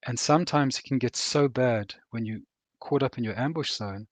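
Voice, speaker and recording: An older man from Rhodesia, a veteran author and counsellor, speaking in an earnest, measured way and slowing down on heavy words. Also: medium pitch, no room sound. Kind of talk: reflective interview talk.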